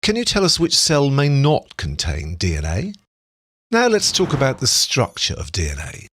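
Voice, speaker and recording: A man giving scripted educational narration, explaining biology in a measured way. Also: mid-range voice, wildly swooping pitch, fairly bright tone, slight background noise.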